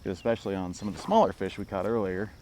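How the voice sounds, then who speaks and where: A man talking casually while fishing outdoors by a pond, excitable and self-deprecating. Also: low voice, quick pace, slight background noise. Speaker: fishing vlogger. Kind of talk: casual outdoor vlog commentary.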